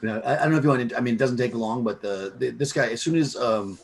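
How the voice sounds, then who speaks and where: A man's voice: medium pitch, fast, vocal fry. A man narrating as game master of a tabletop game, rambling with many restarts.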